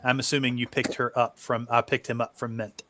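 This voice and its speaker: A man's voice: mid-range voice, little pitch movement, fairly quick, pushed and bright, no echo. A man narrating as game master for an online tabletop game in a laid-back, easygoing way. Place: home setup, online stream.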